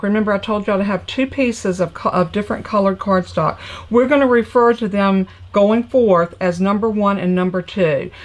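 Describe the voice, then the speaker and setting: A middle-aged woman with a Southern North Carolina accent, hosting a live crafting session from her home craft room and chatting casually with viewers between steps. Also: medium pitch. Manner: chatty, folksy, talks to viewers as y'all with many ums. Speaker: crafting livestream host. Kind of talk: casual live tutorial chat.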